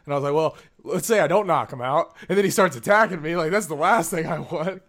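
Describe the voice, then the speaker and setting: A man's voice: fairly high pitch, fast, a bit bright. A young man telling a funny story to friends in casual chat, acting out the quotes in raised voices and laughing as he goes.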